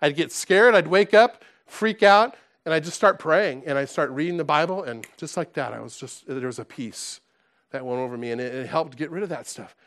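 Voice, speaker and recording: A man preaching a sermon to his congregation, conversational and animated, dropping to soft asides and rising to loud exclaims, with frequent restarts. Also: on the high side, normal speed. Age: adult, past college. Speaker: pastor.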